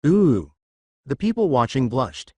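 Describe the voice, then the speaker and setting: A man narrates a fan fiction story in a steady storybook manner. His pitch rises and falls freely. The recording is dry and close, with no room sound. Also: normal speed, no echo.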